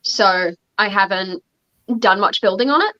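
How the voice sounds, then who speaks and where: A woman's voice: mid-range voice, lively intonation, unhurried, bright, forceful tone, highs cut off, slight background noise. A young woman hosting a casual livestream chat, talking about running tabletop games with lots of fillers and restarts. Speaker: podcast host and game master.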